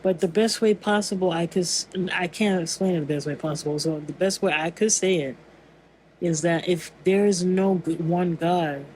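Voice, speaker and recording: Earnest, word-searching vlogger musing aloud on faith, medium pitch, faint background hum. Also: normal speed, darkish tone, low-quality recording. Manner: rambling, searching for words, frequent restarts. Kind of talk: casual spiritual monologue.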